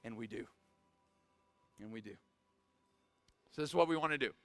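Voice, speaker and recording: A man preaching a sermon to a live audience. He swings from hushed pleading to shouted exhortation and drops in casual, joking asides. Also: medium pitch, moderate pace, no room sound. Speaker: pastor.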